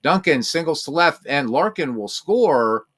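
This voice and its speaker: A man's voice: lively intonation, unhurried, fairly bright tone. A man calling a tabletop baseball game in a casual play-by-play style, as if he were an announcer. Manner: mock announcer calls, talks to his cats in a high, cooing voice.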